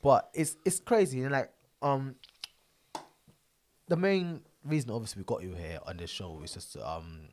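A man's voice: mid-range voice, moderate pace, pauses often, a little hiss or hum. A young man hosting a podcast, earnest and emphatic, repeating his points. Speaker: podcast host. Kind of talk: casual podcast talk.

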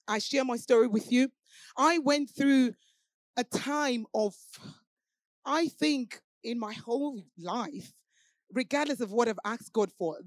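High-voiced impassioned woman preacher. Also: no echo. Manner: impassioned, repetitive, swinging from hushed to shouted. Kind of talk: sermon.

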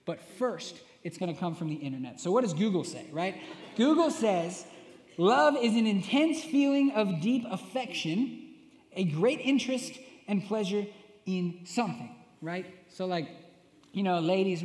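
A man's voice: fairly high pitch, moderate pace, darkish tone. Man, young adult, sermon, playful storyteller, long reverb. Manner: storytelling, playful and self-mocking, often asking "right?". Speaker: worship minister preaching. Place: church sanctuary. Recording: echoey long hall reverb.

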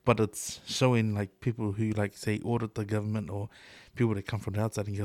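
A middle-aged New Zealand man talks in a fairly low voice, loose and chatty, swearing and laughing as he goes. The sound is dry and close, with no room around it. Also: level tone, quick pace, hardly any pauses, a little mellow, no echo. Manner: loose, swears a lot, laughs often, fillers like "eh" and "bro". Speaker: podcast co-host. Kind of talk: casual chat.

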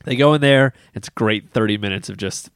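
A man's voice: on the low side, fairly quick, clean tone, no echo, clean studio sound. A young man telling a funny story. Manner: animated storyteller, laughs often. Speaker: podcast co-host, pastor. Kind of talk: casual storytelling chat.

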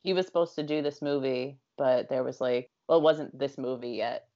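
A woman's voice: rumbling low, moderate pace, dark tone, muffled recording. A woman co-hosting a casual movie chat, chatty and sharing fun facts. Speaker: podcast co-host.

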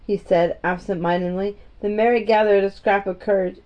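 A woman narrating a storybook in a gentle, even-paced reading voice. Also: mid-range voice, moderate pace, few pauses. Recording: dull, muffled audio.

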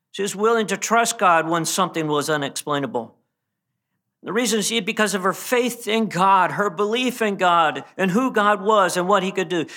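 High, bright-voiced man preaching a sermon. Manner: earnest, with frequent restarts and repeated words. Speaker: pastor.

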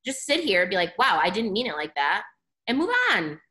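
Blunt, animated woman in casual chat. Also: medium pitch, a little fast. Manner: blunt, animated, heavy use of "like", swears freely.

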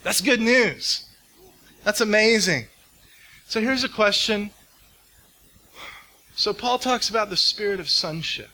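A man preaching a sermon in an earnest way, dropping softly on intimate words and speeding up as he tells stories. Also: high-pitched, measured pace, pauses often, low-quality recording. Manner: earnest, speeds up when telling stories, drops to soft intimate tones.

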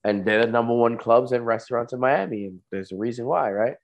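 A man's voice: medium pitch, fairly quick, dull audio. Laid-back man in casual podcast chat. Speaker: podcast co-host.

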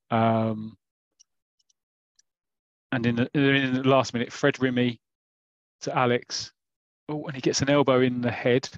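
A man's voice: medium pitch, no echo. A man in casual chat, retelling a comic story and acting out its lines. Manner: animated storyteller, acts out the lines. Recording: dull, dry lo-fi audio.

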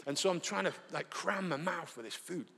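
A man with a Northern English accent preaches a live sermon, his higher-pitched voice trailing a long reverb through a large church hall. He tells stories with animation and acts out the dialogue in them. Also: fairly quick, husky. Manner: lively storytelling, acts out dialogue. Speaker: pastor. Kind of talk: sermon with anecdotes.

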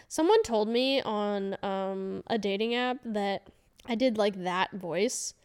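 A woman's voice: medium pitch, slow, a little mellow, clean tone. A woman hosting her own podcast, talking casually and rambling, laughing often and swearing freely. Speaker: podcast host. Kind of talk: casual solo podcast monologue.

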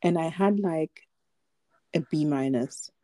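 Low-voiced young woman telling a story. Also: slow, a crowd in the background. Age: young adult. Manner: chatty storytelling with many fillers and laughs. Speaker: podcast co-host. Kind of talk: casual chat.

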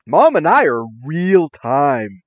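Middle-aged male educator, guest, emphatic and slangy, very lively intonation, dry close sound. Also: fairly high pitch, slow pace, no echo, lo-fi sound. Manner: emphatic, punchy delivery with casual slang. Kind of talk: animated storytelling in conversation.

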